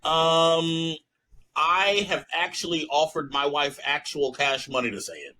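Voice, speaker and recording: A young man co-hosting a podcast, chatting casually and telling stories loudly with lots of laughter. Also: a little high, measured pace, slight background noise, low-quality recording. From New York. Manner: loud animated storytelling, lots of laughing. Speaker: podcast co-host. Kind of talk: casual chat.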